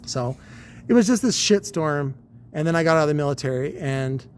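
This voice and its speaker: Higher-voiced man telling a rambling story. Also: animated, normal speed, a little hiss or hum. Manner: rambling, profane, wry anecdote telling. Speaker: podcast host. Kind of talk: casual storytelling.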